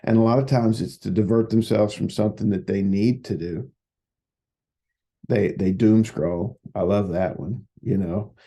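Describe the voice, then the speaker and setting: A man's voice: fairly low pitch, dark tone. A man who works as a psychotherapist, giving folksy, casual advice and telling stories. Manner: folksy, repetitive, storytelling.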